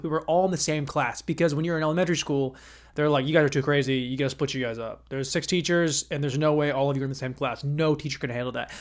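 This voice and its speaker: A young man hosting a podcast, telling a rambling, profane story on his own and acting out the quoted voices. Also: fairly high pitch. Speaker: podcast host. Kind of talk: casual solo storytelling.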